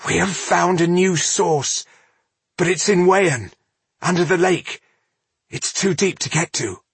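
A man voicing a proud, defiant young woman apprentice of magic in an audiobook, pushing his voice high and tense to play her. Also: slow, vocal fry, husky, no room sound, full character voice.

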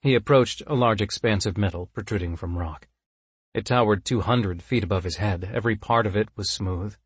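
A man narrates a story in a measured, steady way. His voice is fairly low and husky. The recording is close and dry, with no room sound. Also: no echo.

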